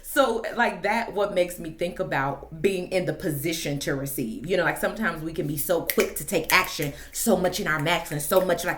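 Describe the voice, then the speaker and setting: A woman's voice: lowish voice, normal speed, few pauses, a bit bright, slight background noise. A young woman talking casually to camera in a lifestyle vlog, chatty and slangy, laughing often. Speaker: lifestyle vlogger.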